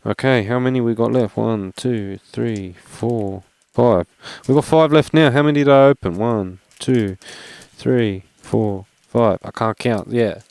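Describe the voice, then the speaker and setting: Young aussie bloke rambling n joking while opening cards, dry close sound. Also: male voice, medium pitch, measured pace, gravelly, darkish tone, no echo. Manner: rambling, joking, self-mocking. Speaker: card-opening vlogger. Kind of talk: casual unboxing chat.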